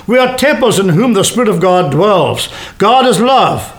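A man preaching a sermon to a congregation, with animated delivery that slows down for emphasis. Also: high-pitched. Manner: animated, varied delivery with slowed emphatic phrases. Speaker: pastor.

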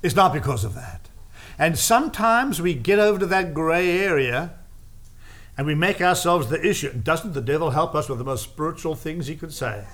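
A man's voice: on the high side, normal speed, a bit bright. A man preaching a sermon, driving his points home with repeated phrases and casual asides. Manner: emphatic, repetitive preaching cadence with asides.

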